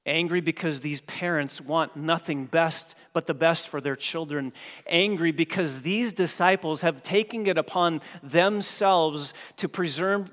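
A male pastor preaching a sermon, emphatic, repeating key phrases and slowing on words for stress. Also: on the high side, fairly bright tone, long reverb tail.

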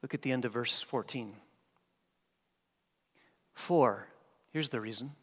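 Slow, emphatic preacher in a reverberant hall. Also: male voice, a little high, animated, fairly bright tone. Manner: emphatic, repeats key phrases, slows on words for stress. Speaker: pastor. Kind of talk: sermon.

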